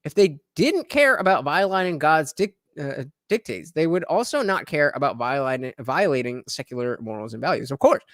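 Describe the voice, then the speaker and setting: Livestream host, man from New Jersey, very lively pitch, casual rambling chat commentary. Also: normal speed, few pauses, no echo, clean studio sound. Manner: rambling, lots of fillers, animated.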